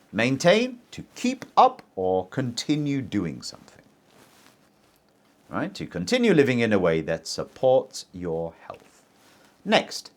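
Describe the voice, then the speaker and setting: A man teaching English as a native speaker, modelling sentences for learners to repeat in a pronunciation lesson. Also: medium pitch. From English-speaking country. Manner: very lively teacher intonation, slow deliberate pacing.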